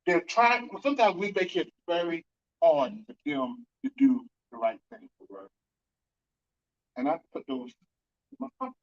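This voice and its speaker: A man giving an emphatic conference talk to an audience, with sudden bursts of loudness. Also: a little high, sing-song, measured pace, long pauses, highs cut off. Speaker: conference speaker on fatherhood and reentry. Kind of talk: speech to an audience.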